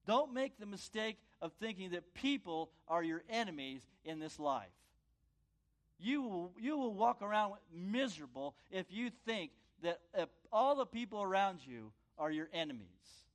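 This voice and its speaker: A man preaching a sermon as a pastor, earnest, repeating phrases and rising to loud commands. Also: high voice, very animated, measured pace.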